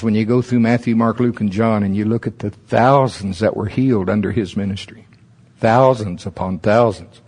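A man preaching at an evening church service in a fairly low voice. He talks like he is chatting with the crowd, mixing humor with rhetorical questions. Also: darkish tone. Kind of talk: sermon.

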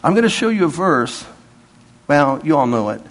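A middle-aged man preaching a sermon, animated and laughing, acting out little back-and-forth dialogues. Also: on the high side, normal speed.

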